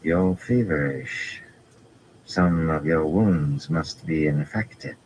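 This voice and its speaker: A man with a very deep voice voicing an imperious young noblewoman who speaks in a slow, honeyed drawl. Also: expressive, a little hiss or hum, poor audio. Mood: cool, commanding.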